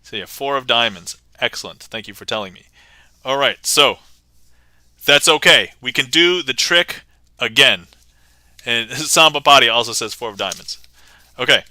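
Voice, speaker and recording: A man's voice: medium pitch, animated, moderate pace, pauses often, pushed and bright, no room sound. A man performing card magic on a livestream, chatting playfully with viewers, laughing often and thanking them by name. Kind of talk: casual livestream patter.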